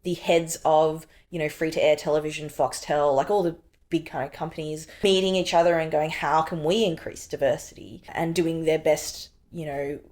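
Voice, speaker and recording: Speaking at a normal speed in a deep voice, a woman in her thirties from Australia, who works as a filmmaker and actor, gives a casual interview. She acts out how she reacted back then as she tells animated stories, with "like" and "you know" cropping up constantly.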